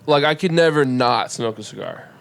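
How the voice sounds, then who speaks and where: Young guy cohosting a chill podcast, loose and rambly, swears here and there, mid-pitched voice. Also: lively intonation, moderate pace, creaky, clean tone. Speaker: podcast co-host. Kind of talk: casual chat.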